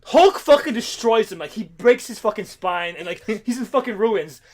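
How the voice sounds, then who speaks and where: A man co-hosting a casual podcast, retelling comic stories in an animated, profane way. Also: sits high, moderate pace. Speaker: podcast co-host. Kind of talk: casual comic-book chat.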